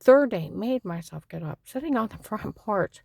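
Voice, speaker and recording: A woman's voice: medium pitch, expressive, normal speed, creaky, a little mellow, husky, no room sound. A woman giving a rambling, fragmented personal testimony.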